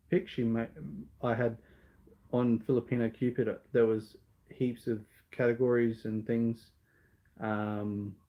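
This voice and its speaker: A man's voice: on the low side, muffled recording. A man with an Australian accent answering viewer questions in a casual live Q&A, talking in an earnest, rambling way full of ums and restarts.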